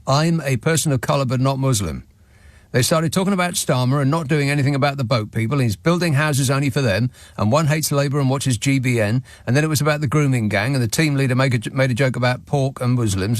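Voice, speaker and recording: A man's voice: medium pitch, fast, dry recording. A man hosting a radio show, reading out listener messages with dry, sardonic asides from a studio microphone. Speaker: radio talk show host.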